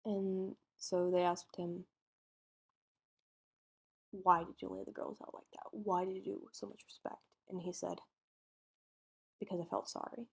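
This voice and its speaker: A woman's voice: mid-range voice, flat delivery, unhurried, creaky, pauses often, breathy edge. A woman co-hosting a podcast, casually retelling a true-crime case and acting out its dialogue in informal speech. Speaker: podcast co-host telling a case.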